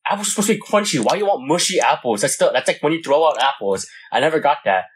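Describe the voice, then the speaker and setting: A man's voice: fairly high pitch, expressive, rapid-fire, slight background noise. A young man chatting casually as a podcast co-host, laid-back and slangy, with plenty of swearing. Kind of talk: casual chat.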